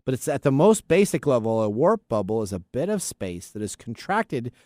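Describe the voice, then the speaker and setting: A man from the US Pacific Northwest hosts a tech podcast, chatting casually, rambling and often tripping over names. His medium-pitched voice is sing-song and a little mellow at a moderate pace, with studio-quality sound and no room echo.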